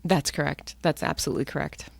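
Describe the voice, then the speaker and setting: Guest author, American woman, lively and upbeat, low-pitched, close dry mic. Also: fast talker, vocal fry, no echo. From United States. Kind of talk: podcast interview.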